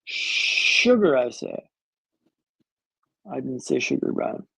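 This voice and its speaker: A man's voice: high voice, a little fast, creaky, darkish tone, slightly rough, dry recording, low-quality recording. A man in his thirties telling a story as a podcast guest, dramatic and wry with comic timing. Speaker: guest speaker.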